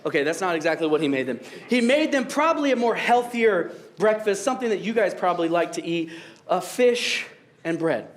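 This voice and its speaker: A man's voice: sits high, expressive, brisk. A young adult male pastor preaching a sermon in a casual, jokey way, laughing at his own jokes.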